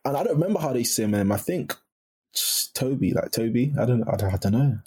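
Husky young man, chatty guest. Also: medium pitch, sing-song, rapid-fire, mellow. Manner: chatty, laughs often, many restarts and "like"s. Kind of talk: casual podcast conversation.

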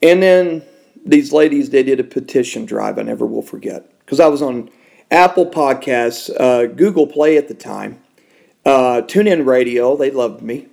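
A man, a Christian podcast host, giving an emotional personal testimony in a studio, swinging from loud and high to soft and hushed. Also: moderate pace, vocal fry.

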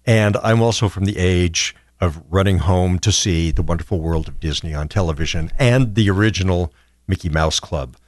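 A man in his sixties chatting as a podcast guest, sharing quick, warm recollections. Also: sits low, no echo, studio quality. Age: 60s. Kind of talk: casual chat.

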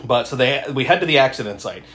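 A podcast co-host walks through a horror film scene by scene in loose, casual chat. The voice swings widely in pitch and breaks into laughter easily, with quick voiced impressions of the characters along the way. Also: expressive, fairly bright tone. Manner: laughs often, retells scenes with voiced quotes. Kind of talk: casual movie recap chat.

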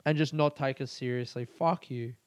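A young Australian man with an Australian accent hosting a podcast, ranting excitably, swearing a lot and laughing often. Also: medium pitch, moderate pace, smooth, dry recording. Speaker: podcast host. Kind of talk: casual podcast rant.

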